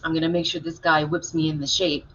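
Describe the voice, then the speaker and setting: Bright chatty woman, lo-fi stream. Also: sits low, little pitch movement, fast, slight background noise. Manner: chatty, storytelling, reads viewer comments aloud. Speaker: co-host of a live online talk show. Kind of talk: casual live-stream chat. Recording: dull lo-fi live-stream audio.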